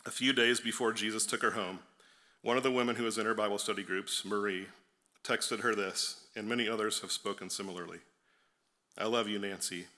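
A man with a low voice and a bright, forward tone reads a prepared tribute at a memorial service. He speaks steadily, now and then slipping in a small filler. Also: brisk. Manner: steady reading with occasional fillers. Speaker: family friend giving a tribute.

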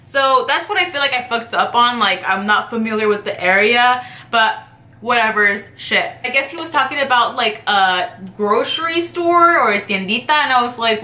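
A woman's voice: a little high, lively intonation, normal speed, sharp tone, reverberant. A woman vlogger telling a personal story in a rambling, profane, casual way, filling her talk with "like". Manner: profane, rambling, heavy use of "like".

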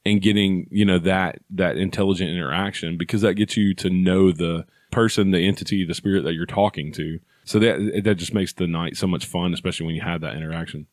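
A man's voice: low voice, steady tone, fairly quick, hardly any pauses, no room sound, studio quality. A man hosting a paranormal podcast, chatting casually with his guest and pointing listeners to the guest's channels. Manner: friendly, plugs guest's channels. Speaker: podcast host. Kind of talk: casual interview.

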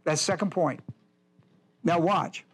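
A man's voice: a little high, slow pace, husky. A male pastor teaching a Bible lesson, emphatic and repetitive, speaking straight to his class. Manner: emphatic, repeats points, addresses the class directly.

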